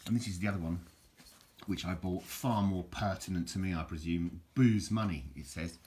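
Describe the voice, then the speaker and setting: A man's voice: low-pitched, moderate pace, mellow. A middle-aged man, chatting in a jokey, rambling way while he shows things around his home kitchen on a handheld camera. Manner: chatty, jokey, self-interrupting. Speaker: vlogger. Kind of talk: casual rambling home vlog. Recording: home video with background noise.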